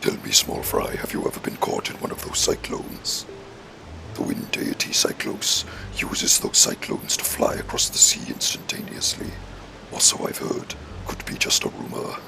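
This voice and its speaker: A man voicing a menacing ancient alien overlord in a deep, breathy, rasping hush while reading game text aloud. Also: background noise, close to an everyday voice. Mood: ominous. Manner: slow, hushed villain delivery. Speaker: streamer doing a voice.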